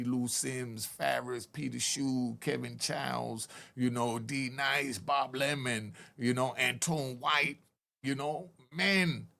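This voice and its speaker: A man's voice: medium pitch, a bit bright. A man, talking straight to camera in an earnest, pleading commentary. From Harlem, New York. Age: 60s. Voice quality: gravelly. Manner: earnest, pleading, street-style talk with rising emphatic peaks. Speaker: channel host telling prison stories.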